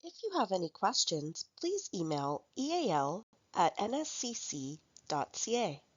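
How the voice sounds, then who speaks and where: A woman narrating a recorded language workshop, speaking clearly and carefully as she reads out example phrases. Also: mid-range voice, sing-song, unhurried, dry recording, dull audio. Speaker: language support instructor.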